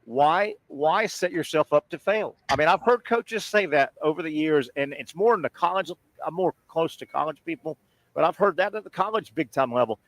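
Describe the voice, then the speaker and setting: A man's voice: a little high, expressive, moderate pace, a bit bright, dry recording, low-quality recording. A man co-hosting a casual sports talk show live from a sports bar, chatty and agreeable, often tossing in "right?" and "yeah". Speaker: sports radio co-host.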